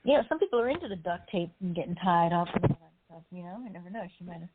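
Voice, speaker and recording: A woman's voice: lowish voice, expressive, very fast, a crowd in the background. A woman hosting an online poetry show, chatting casually and laughing often as she gives feedback. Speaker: host. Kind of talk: casual chat. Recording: tinny phone-like online audio.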